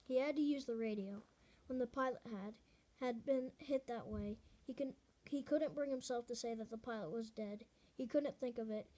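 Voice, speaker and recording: A woman reads a novel aloud in a fairly high voice. Her delivery is earnest and unpolished, and she often stumbles, restarts and corrects herself mid-sentence. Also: moderate pace, warm tone. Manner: earnest reading with frequent restarts and self-corrections. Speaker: reader.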